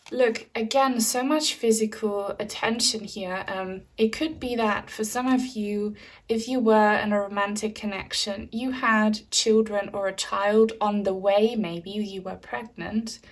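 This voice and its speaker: A young woman giving a pick-a-card tarot reading to camera, chatty and filled with ums, addressing viewers as guys. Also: medium pitch. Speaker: tarot reader.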